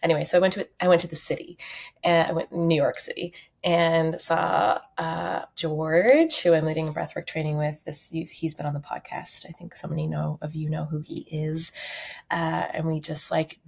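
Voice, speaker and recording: Woman from Canada, podcast host, gravelly low voice, candid reflective talk, many fillers. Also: steady tone, normal speed, darkish tone. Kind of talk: solo podcast monologue.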